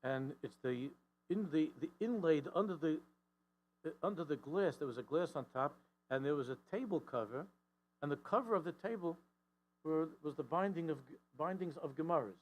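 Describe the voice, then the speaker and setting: A man's voice: normal speed, a little hiss or hum, low-quality recording. A man giving a storytelling sermon, acting out the characters' lines with frequent restarts and repeated words. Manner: animated storyteller, voicing the characters' lines with rising pitch and force. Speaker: rabbi giving a talk.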